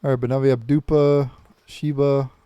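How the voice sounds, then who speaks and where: Gaming youtuber guy reading game lines out loud, flat and mellow, smooth dry close mic. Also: mid-range voice, no room sound. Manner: plain, unhurried reading with small restarts. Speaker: gaming channel host. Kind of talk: reading game dialogue aloud for viewers.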